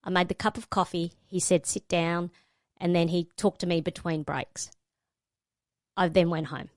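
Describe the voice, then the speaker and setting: Animated woman telling a story. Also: lowish voice, moderate pace, no room sound, studio quality. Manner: animated storyteller acting out quotes. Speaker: guest, radio presenter. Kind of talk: storytelling in a panel conversation.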